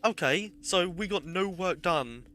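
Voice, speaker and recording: A man's voice: sits high, lively intonation, a little slow, bright, forceful tone, faint music behind. A young man streaming a game, rambling through casual anecdotes with self-deprecating humour. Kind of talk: casual gameplay commentary and storytelling.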